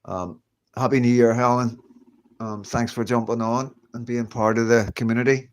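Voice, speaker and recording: A man's voice: mid-range voice, steady tone, normal speed. A middle-aged man, chatting casually on a livestream from home, reassuring and conversational. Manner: chatty, reassuring, keeps saying "you know what I mean". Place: at home, indoors.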